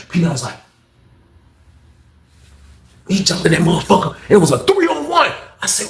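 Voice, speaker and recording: Brief: male storyteller, fairly high voice, acts out all the voices, roomy echoey sound. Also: huge pitch swings, fast, gravelly, hardly any pauses, a little hiss or hum. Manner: acts out every character with loud raised voices, drops to hushed asides. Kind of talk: animated casual storytelling.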